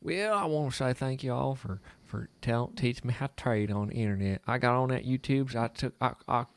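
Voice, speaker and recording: A man's voice: mid-range voice, a little fast. A man co-hosting a trading show, chatting casually and rambling with jokes and silly asides. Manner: joking, rambling, jumps into silly voices. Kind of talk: casual banter over live trading.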